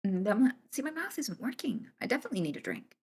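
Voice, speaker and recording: A woman's voice: fairly high pitch, very animated, quick pace, darkish tone, husky. Blunt, chatty British woman streamer. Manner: blunt and chatty, swears freely, drifts between jokes and serious points. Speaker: livestreamer answering chat. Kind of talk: casual live-stream chat.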